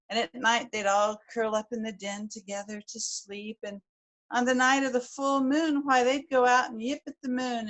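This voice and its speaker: A woman from the United States telling a folk tale to a live audience in a folksy, rambling way, repeating words as she goes. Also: on the high side. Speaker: storyteller. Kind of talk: live oral storytelling.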